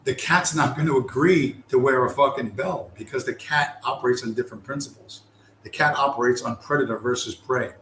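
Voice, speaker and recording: A man's voice: medium pitch, a bit bright, reverberant, slight background noise, poor audio. A man delivering a profane, contemptuous ranting monologue, aggressive and heavy with swearing. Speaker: commentator.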